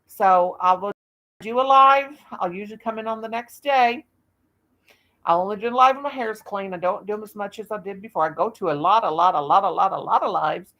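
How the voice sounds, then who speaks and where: A woman's voice: mid-range voice, expressive, moderate pace, lo-fi sound. A woman in her fifties hosting a casual live stream, rambling in a folksy way and laughing at herself. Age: 50s.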